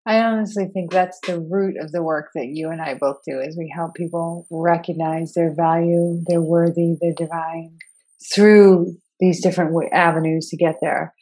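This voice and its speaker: A woman's voice: lowish voice, steady tone, normal speed, dark tone. A woman hosting a podcast interview, chatty and enthusiastic in a casual conversational way. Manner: chatty and enthusiastic, with many fillers like "like". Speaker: podcast host.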